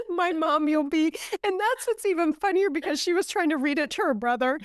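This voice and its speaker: A woman's voice: very high-pitched, normal speed, no room sound, clean studio sound. A middle-aged woman co-hosting a podcast, telling stories in casual chat with lots of "like". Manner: animated storyteller, fillers of "like". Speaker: podcast co-host.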